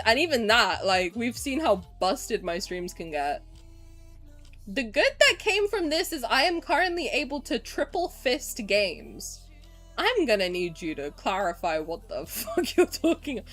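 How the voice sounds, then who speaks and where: Lively, animated woman streamer in her twenties. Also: a little high. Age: 20s. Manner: animated, profane, swings from mumbling asides to loud outbursts. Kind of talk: casual stream chat, reading and answering chat.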